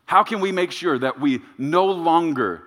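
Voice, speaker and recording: A male pastor delivering a sermon, emphatic and repetitive, with dramatic pauses. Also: a little high, expressive, a bit bright. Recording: reverberant church sanctuary.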